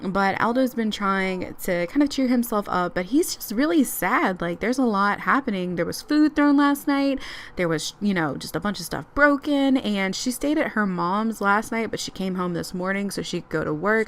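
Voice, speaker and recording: A woman's voice: mid-range voice, lively intonation, moderate pace, fairly bright tone, slight background noise. A woman casually narrating the story of her life-simulation game in a chatty, rambling way, with many fillers and frequent laughs.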